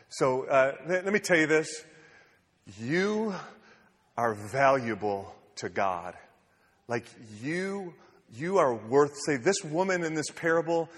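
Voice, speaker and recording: A man's voice: fairly high pitch, sing-song, slow. A man preaching in an earnest, conversational way, often restarting his sentences, in a church hall. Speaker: pastor. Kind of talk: sermon. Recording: echoey hall.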